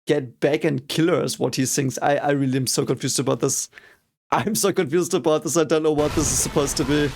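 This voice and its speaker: A young man with a German accent gives a loose, unscripted reaction, his voice slightly high and full of gravelly fry. He sounds exasperated and swears freely as he talks things through. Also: fairly even intonation, brisk, a little mellow, soft background music. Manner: frustrated, swears a lot, mock-cheering outbursts. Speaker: reaction video host. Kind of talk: casual reaction commentary.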